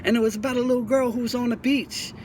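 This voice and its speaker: This man's voice is extremely high and steady in tone, and he talks fast over a faint hiss or hum. Hosting his own YouTube channel, he speaks casually about prison life, giving young viewers earnest advice. He comes across as preachy, says the same things repeatedly, and often stumbles and starts over.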